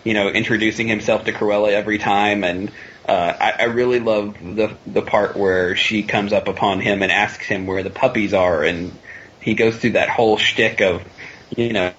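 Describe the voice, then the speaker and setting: A man chats about a movie on a podcast, pausing with fillers as he hunts for details. His voice sits at an ordinary pitch, and the recording is dull with faint background hiss. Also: steady tone, a bit bright. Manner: hesitant, searching for words. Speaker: podcast co-host. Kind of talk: casual movie discussion. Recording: lo-fi with faint noise.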